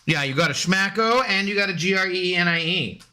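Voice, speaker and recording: A man's voice: sits high, brisk, sharp tone. A man streaming live, chatting casually with viewers in a rambling way and slipping into sing-song baby talk with his dog.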